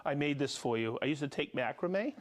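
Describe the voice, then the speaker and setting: Male live-show host, high and sing-song, energetic and jokey. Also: fairly quick. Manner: energetic, jokey, laughs often. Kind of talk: lively live-stream chat reading viewer shout-outs.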